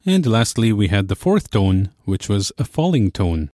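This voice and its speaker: A young man hosting a language course, explaining in a clear, measured teacher's manner. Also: on the low side, very animated, a little mellow, dry recording, clean studio sound. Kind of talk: scripted lesson narration.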